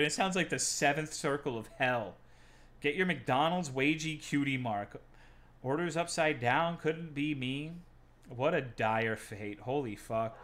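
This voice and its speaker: A man's voice: mid-range voice, measured pace, a bit bright, slight background noise. A man streaming from home, chatting casually with his viewers in a profane, self-mocking, joking way.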